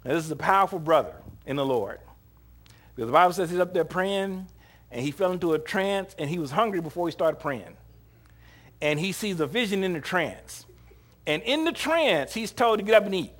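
Male preacher, slightly high voice, animated and jokey, conversational sermon delivery with laughs and acted-out lines. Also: moderate pace. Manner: humorous, conversational retelling of scripture with frequent laughs; animated, acts out short quoted lines.

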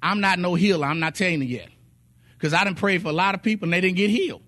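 Quick-paced and high-pitched, the preacher moves through testimonies in his sermon. Animated storytelling, acted quotes, and sung phrases mark his delivery.

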